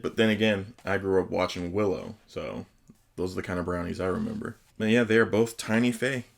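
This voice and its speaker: A man's voice: sits low, fairly quick, creaky. A man hosting a casual unboxing overview, chatting enthusiastically and sometimes stumbling over how to pronounce names. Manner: enthusiastic, chatty, with hesitant pronunciations. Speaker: host reviewing tabletop game books.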